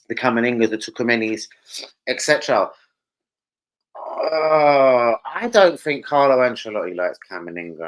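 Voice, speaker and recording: A man with a British accent hosting a casual football fan livestream, ranting excitably and swearing freely. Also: mid-range voice, low-quality recording. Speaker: live stream host.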